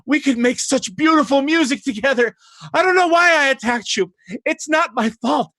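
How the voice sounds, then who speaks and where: A man's voice: very high-pitched, normal speed, a bit bright, no room sound, pitched above the performer's own voice. A man doing a gushing, flustered violinist. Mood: pleading. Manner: breathless, gushing pleading. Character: pleading young male violinist, charmed and flustered.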